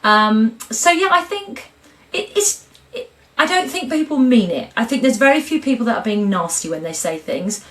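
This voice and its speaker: A woman's voice: fairly high pitch, moderate pace, a little hiss or hum. Frank woman telling her story. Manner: frank, expressive, animated storyteller. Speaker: guest. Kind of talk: candid interview conversation.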